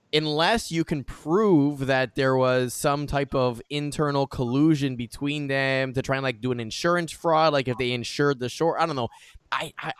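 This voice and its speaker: A man's voice: mid-range voice, clean tone, no echo. Man patiently explaining on a dry mic. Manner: explains patiently, checks in with "right?". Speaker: podcast co-host. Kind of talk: casual podcast banter.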